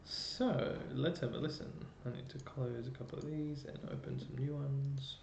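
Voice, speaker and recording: A man's voice: medium pitch, steady tone, normal speed, creaky. A man teaching an online music lesson, explaining step by step and thinking aloud as he works a computer. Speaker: chorus music educator. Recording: roomy, dull lo-fi sound with faint noise.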